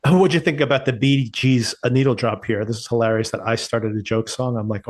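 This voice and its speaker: A man's voice: medium pitch, steady tone, brisk. A man co-hosting a podcast, chatting casually about a TV series and laughing at his own points. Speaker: podcast co-host. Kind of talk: casual TV review chat.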